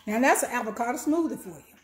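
An older woman who is a minister, hosting a casual cooking vlog, talking warmly and preachily and humming over her food. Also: fairly high pitch, animated, soft background music. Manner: warm, preachy, tastes food with drawn-out hums.

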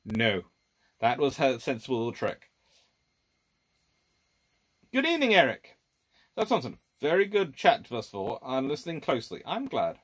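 A man's voice: mid-range voice, big pitch swings, moderate pace, long pauses, fairly bright tone, breathy edge. Historian man thinking aloud on a livestream. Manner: thinks aloud with restarts, lists points as A and B. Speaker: historian host answering viewer questions. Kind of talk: live-stream history Q&A.

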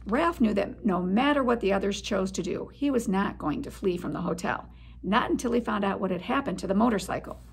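A middle-aged woman, a head of school, reading a children's chapter book aloud in an expressive storytelling manner. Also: mid-range voice, fairly quick, gravelly, slightly rough.

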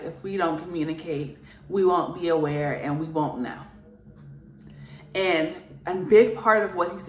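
A woman's voice: lowish voice, echoey room, a little hiss or hum. A woman speaking as a spiritual channeler in an earnest, repetitive monologue that rambles and is full of fillers.

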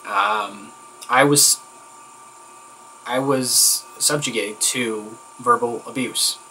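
Bright-voiced man venting in a vlog. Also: medium pitch, slight background noise, rough recording. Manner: candid and rambling, with many fillers; exasperated, venting. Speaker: vlogger. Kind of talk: casual vlog monologue.

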